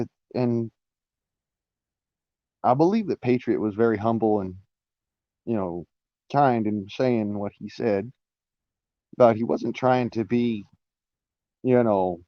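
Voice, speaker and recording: A man's voice: medium pitch, no room sound, lo-fi sound. A man talking through a casual live-stream monologue, rambling with restarts and fillers, swearing now and then.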